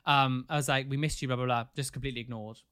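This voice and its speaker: A young man telling a personal story in casual chat, animated and acting out quotes with big jumps in pitch. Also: fast talker, clear, resonant tone.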